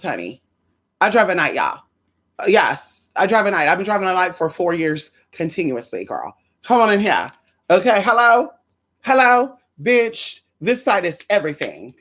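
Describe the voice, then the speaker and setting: A woman hosting a casual livestream, sassy and animated, calling her viewers honey and girl while greeting them. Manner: swoops high for greetings and drops low for asides.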